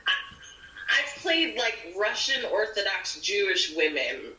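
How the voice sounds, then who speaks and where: A woman's voice: medium pitch, slow pace. A woman actor, a podcast guest, chatting casually and acting out the people in her stories. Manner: animated, acts out quoted people. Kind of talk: casual storytelling chat. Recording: roomy audio from a distant mic.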